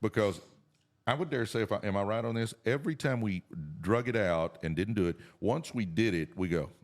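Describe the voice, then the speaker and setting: A middle-aged man hosts a casual business podcast. His voice sits very low and deep, and he talks in a folksy, earnest, pep-talk way. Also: fairly quick. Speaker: podcast co-host.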